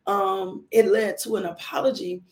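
A woman's voice: mid-range voice, steady tone, moderate pace. A middle-aged woman, a mother, giving an earnest personal testimony about faith and parenting, often repeating phrases for emphasis.

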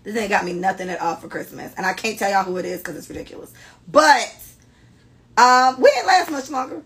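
Brash, animated woman podcast host. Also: mid-range voice, brisk. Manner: animated, brash storytelling with frequent cursing. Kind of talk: casual chat, reading listener stories.

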